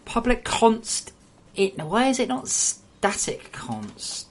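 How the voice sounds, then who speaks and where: A woman's voice: a little high, sing-song, slow. A woman game developer chatting bluntly and swearing freely while she streams live coding, muttering to herself over the code.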